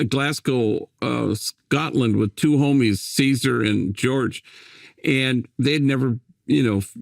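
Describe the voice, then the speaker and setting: Older american guy, gravelly voice, dry close sound, gentle musing storyteller who keeps restarting his sentences. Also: medium pitch, dry recording. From United States. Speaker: priest and guest. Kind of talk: reflective interview storytelling.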